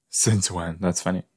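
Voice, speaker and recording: Slow-talking man, rambling host. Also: low-pitched, darkish tone, dry recording. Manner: rambling, chatty, talks to absent listeners. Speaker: podcast host. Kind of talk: casual watch-along commentary.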